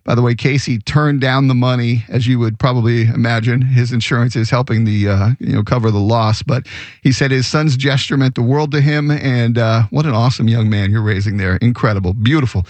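A male radio host sharing an uplifting story with real enthusiasm. His voice sits at an ordinary mid pitch, and his delivery is admiring and openly moved. It has the easy flow of a friendly on-air feature. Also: fairly even intonation, fairly quick, darkish tone, dry recording.

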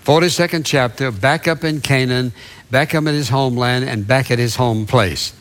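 A man's voice: medium pitch, steady tone, moderate pace, a bit bright. A man preaching a sermon, retelling Bible passages in a storytelling way with asides to the listeners.

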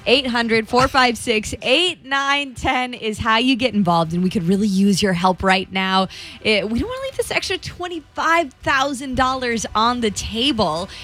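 A chatty female radio co-host keeps a playful, easy tone while asking listeners to pitch in. Her voice is mid-pitched for a woman, with faint music underneath. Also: a bit bright. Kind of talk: casual on-air fundraising chat.

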